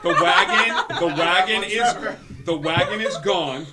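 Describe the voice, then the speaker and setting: A man's voice: high-pitched, a little slow, very noisy. Laughing man running a tabletop game. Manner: loose, laughing delivery. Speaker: game master. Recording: other players chattering behind.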